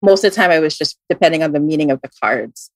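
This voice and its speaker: A woman with a fairly low voice tells a story in a loose, chatty way, with plenty of "like" fillers. She reads tarot, and the recording is close and dry with no room sound. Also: fast talker, dry recording. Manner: animated, frequent "like" fillers. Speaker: tarot reader telling a story. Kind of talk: casual storytelling.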